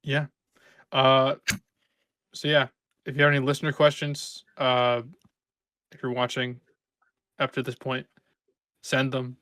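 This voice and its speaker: A young man hosting a casual podcast chat, groggy after oral surgery, loose and halting, laughing often. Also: mid-range voice, monotone, fairly bright tone. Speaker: podcast host.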